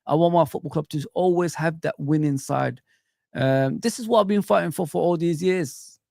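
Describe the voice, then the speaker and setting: A man's voice: a little high, moderate pace, gravelly, a little mellow, no echo, studio quality. A middle-aged man hosting a live football stream, ranting passionately with rhetorical questions and talking straight to his viewers. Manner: talks straight to viewers and chat. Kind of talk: casual live-stream rant.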